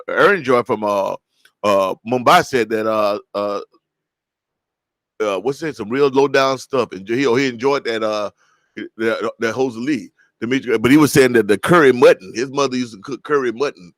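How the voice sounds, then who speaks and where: A man's voice: mid-range voice, moderate pace, a bit bright, no echo, low-quality recording. A man with an East Texas Southern accent hosting a livestream, chatting casually and telling folksy, rambling stories. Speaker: livestream show host.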